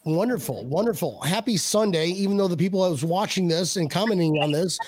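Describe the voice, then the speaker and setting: A man's voice: high voice, a little fast, a little mellow, no echo, clean studio sound. Rambling, jokey male podcast host. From Buffalo, USA. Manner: rambling and jokey, many restarts. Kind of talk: casual chat.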